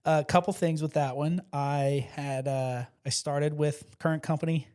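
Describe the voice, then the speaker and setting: A man's voice: on the high side, measured pace, clear, resonant tone. A man from South Louisiana, a podcast guest, telling stories in casual chat and acting out the voices he quotes. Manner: animated storyteller, acts out quotes; passionate, excitable.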